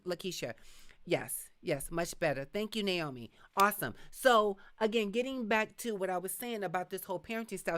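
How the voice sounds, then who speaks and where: A middle-aged woman hosting a live podcast, talking frankly and reading viewer comments, acting out quick asides as she tells stories. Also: medium pitch. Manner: frank, animated storytelling with voiced asides. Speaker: podcast host.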